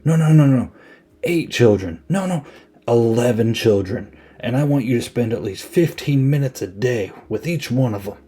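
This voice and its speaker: A man voicing an eager young male soldier buddy giving a big pep talk, his voice pitched a bit higher than his own. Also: animated, moderate pace, warm tone, husky. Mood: pumped up.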